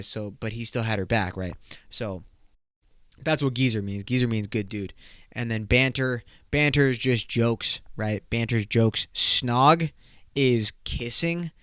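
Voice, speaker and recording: Give me a joking, foul-mouthed male podcast host with a crisp voice. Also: medium pitch, a bit bright, dry recording, studio quality. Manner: loose, profane, joking. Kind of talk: casual comedic chat.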